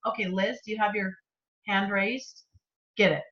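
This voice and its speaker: A woman's voice: medium pitch, fairly even intonation, moderate pace, fairly bright tone. A woman leading a motivational group video call, chatty and enthusiastic, with a slightly sore, congested throat. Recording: muffled, lo-fi video call audio.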